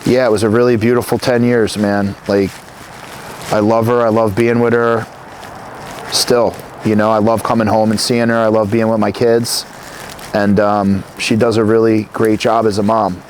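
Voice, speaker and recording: A man's voice: lowish voice, moderate pace, a little hiss or hum. Rambling, profane man telling stories. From New Jersey. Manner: rambling, profane, animated storytelling. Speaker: guest, company founder. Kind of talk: casual interview conversation.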